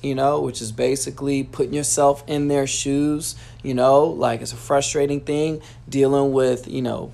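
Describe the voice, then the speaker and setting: With a medium-pitched, gravelly, darkish voice, a young man rambles through a casual pep talk about selling. He's heavy on fillers, saying "man" constantly and dropping "you know" into almost every line.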